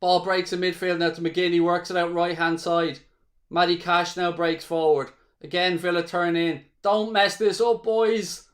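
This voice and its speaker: The voice sits high with little pitch movement and a normal speed. It belongs to an Irish man hosting a live football watchalong, who calls the play as a fan, swears freely and chats with viewers.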